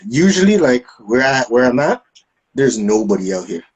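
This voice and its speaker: A man in the middle of a podcast story, talking loosely and animatedly. He piles up fillers and restarts and breaks into laughs as he acts out the scene. His voice sits at an ordinary middle pitch. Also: very animated, normal speed, slightly rough, low-quality recording. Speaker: podcast co-host. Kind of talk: casual storytelling.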